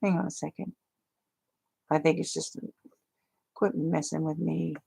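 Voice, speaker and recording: A woman's voice: low-pitched, fairly even intonation, a little slow, creaky, mellow, breathy edge. A woman rambling chattily to viewers of her livestream, full of fillers. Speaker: crafting livestream host. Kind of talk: casual livestream chat.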